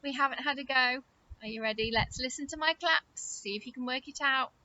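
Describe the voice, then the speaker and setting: A woman teaching a phonics lesson to young children, in a sing-song, encouraging manner with slow, exaggerated words. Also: high-pitched, bright, forceful tone, muffled recording, a little hiss or hum.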